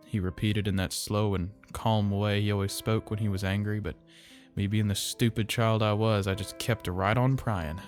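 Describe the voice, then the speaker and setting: Low-voiced man narrating a horror story. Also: steady tone, faint music behind. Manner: slow, measured, somber telling.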